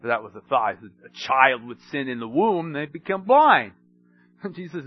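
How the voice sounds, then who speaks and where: Animated male preacher, high voice. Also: normal speed, dull audio. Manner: swings between hushed and emphatic, storytelling. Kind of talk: sermon.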